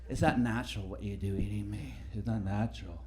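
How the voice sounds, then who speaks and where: A preachy, self-righteous vegan woman, put on by a man, nags in a low, muttering drone. The voice sits well below his normal talk and stays hushed. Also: steady tone, moderate pace, close to an everyday voice. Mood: nagging.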